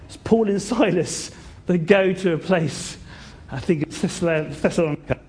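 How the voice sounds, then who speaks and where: A man preaching a sermon, telling a story in an animated way and swinging between loud bursts and hushed moments. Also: high-pitched, normal speed.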